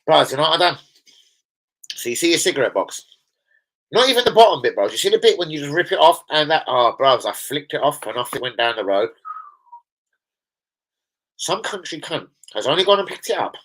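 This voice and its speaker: A man's voice: on the high side, very animated, brisk, long pauses, fairly bright tone, low-quality recording. Sweary London man chatting live. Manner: slangy and sweary, rambling anecdotes. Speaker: football fan live streamer. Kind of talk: casual live-stream chat. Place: indoors at home in a village.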